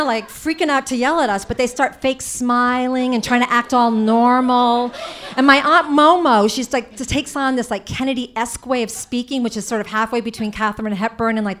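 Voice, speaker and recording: Animated woman telling a story. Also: fairly high pitch, a little fast. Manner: animated, chatty, lots of "like". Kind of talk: live personal storytelling.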